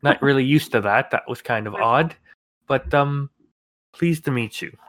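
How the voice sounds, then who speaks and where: A man voicing a weary, polite male ship captain who opens lines with a drawn-out "ah.". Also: mid-range voice, a bit bright, no echo, close to an everyday voice. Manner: drawn-out sighing "ah" openings.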